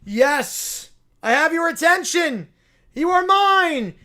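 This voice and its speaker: A man voicing a fanatical young male bear who preaches and shouts commands at his followers, reading a comedy story aloud on a livestream. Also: sing-song, takes it slowly, exaggerated voice. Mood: zealous preaching. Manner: booming, declaiming sermon-like commands.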